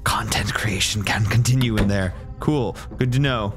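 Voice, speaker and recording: A young male gaming streamer with a lowish voice jokes and swears a lot at normal speed while playing a horror game, now and then dropping into a whisper. Game music plays in the background.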